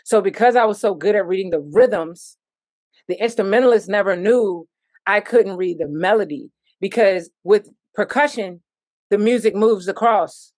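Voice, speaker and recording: A woman from Virginia, a musician guest on an interview, telling stories with lively sung-out rhythms and sound effects. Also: mid-range voice, moderate pace, dry recording. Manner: animated storytelling, sings out rhythms and sound effects. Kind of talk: casual interview.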